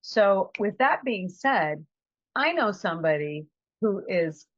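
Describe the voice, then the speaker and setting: A woman's voice: mid-range voice, animated, takes it slowly, dry recording, highs cut off. A woman giving a conversational, reflective motivational talk as a trainer. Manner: conversational, reflective, acts out quotes.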